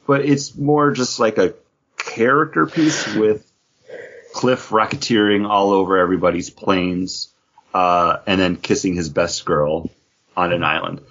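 A lower-voiced man with a husky edge and a lively, swooping delivery, chatting casually on a comics podcast. He rambles through fillers and jokes. The audio is dull and lo-fi. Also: measured pace. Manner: rambling, filler-heavy, jokey. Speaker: podcast co-host.

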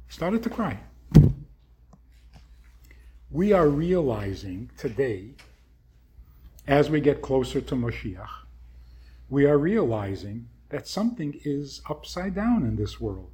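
Man preaching with lively rhetorical questions. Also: medium pitch, measured pace, husky. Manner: rhetorical questions, punchy short phrases. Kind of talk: sermon-like talk.

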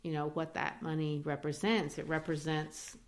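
A woman teaching literature in a lively way, discussing a play and acting out its quoted lines. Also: low voice, moderate pace. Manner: animated, acts out quoted lines.

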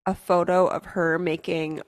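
Low-voiced amused woman co-host. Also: level tone, unhurried. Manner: amused, laughing interjections. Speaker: podcast co-host. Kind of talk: casual chat.

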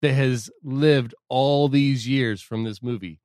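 A man co-hosting a podcast in casual chat, laid-back and explanatory, trailing off low and quiet. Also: slow, no echo, studio quality. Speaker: podcast co-host.

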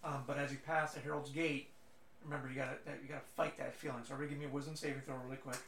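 A man's voice: mid-range voice, flat delivery, rapid-fire, a bit bright. A man narrating as game master of a tabletop game, rambling with fillers and restarts. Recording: echoey room from far off with faint noise.

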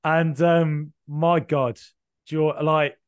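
A man's voice: on the high side, little pitch movement, extremely slow, clean tone, dry recording. A man co-hosting a football podcast, telling rambling, jokey stories with lots of fillers. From Birmingham, England. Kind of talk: casual chat.

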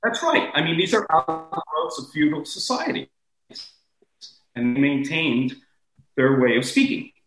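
Animated American man, roomy sound. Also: measured pace, soft background music. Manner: animated, rambling, swoops in pitch. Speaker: guest speaking on accents. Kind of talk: casual discussion.

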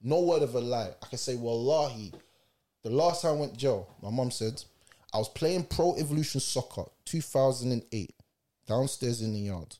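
A man's voice: medium pitch, lively intonation, normal speed, warm tone. A man in a casual podcast chat, telling stories in street slang and acting out the scenes.

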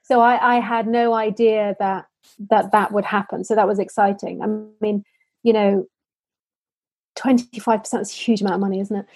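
A woman's voice: medium pitch, fairly even intonation, normal speed, darkish tone, no room sound. A woman from the United Kingdom, a social enterprise founder, answering interview questions in earnest stories full of restarts and fillers.

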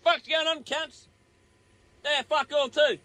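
Australian man, very high voice, crude and rowdy voicemail caller. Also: fairly even intonation, normal speed, sharp tone, no echo. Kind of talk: recorded voicemail with a joke. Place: on a running tractor.

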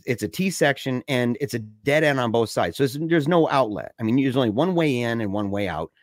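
A young man telling a scary story in a casual way, excited and slangy, saying dude and man a lot. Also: medium pitch, no echo, clean studio sound.

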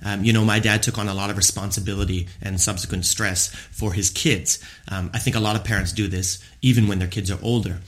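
A man's voice: fairly low pitch, steady tone, brisk, hardly any pauses, a bit bright. A man, hosting a podcast and telling personal stories in an earnest, reflective way, with frequent ums. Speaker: podcast host. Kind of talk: reflective solo podcast monologue.

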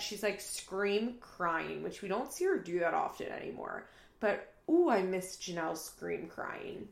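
A woman's voice: mid-range voice, animated, unhurried, gravelly, reverberant. A woman recapping a reality TV episode in casual chat, laughing often and acting out what people said. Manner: chatty, laughing, acts out quotes. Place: apartment room.

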